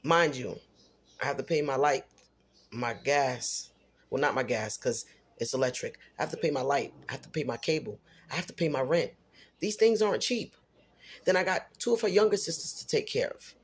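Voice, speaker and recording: Husky, heated middle-aged woman venting. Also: extremely low pitch, normal speed. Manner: emphatic, blunt and heated, repeats for stress. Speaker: single mother. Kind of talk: venting personal vlog.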